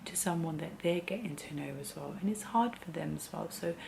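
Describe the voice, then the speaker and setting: A woman's voice: low voice, fairly quick, gravelly, noisy background. A young woman vlogging candidly and heartfelt about life after having a baby, rambling and getting teary as she talks. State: teary, emotional. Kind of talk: candid personal vlog.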